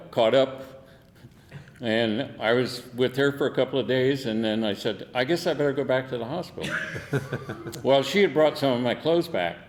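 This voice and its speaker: A man's voice: mid-range voice, long reverb tail. An older man, a veteran, telling war stories in an oral history interview, salty and laughing, acting out the quotes. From United States.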